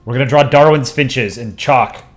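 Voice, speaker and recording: A man's voice: medium pitch, moderate pace. Offhand man chatting on a drawing stream. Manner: rambling, offhand, chuckling, thinking aloud. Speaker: livestream host drawing. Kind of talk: casual livestream chat while drawing. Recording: roomy echo with faint music behind.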